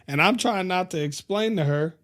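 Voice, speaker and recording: A man hosting a casual chat, telling a story in an animated, profane, emphatic way. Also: sits high, normal speed. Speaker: podcast host.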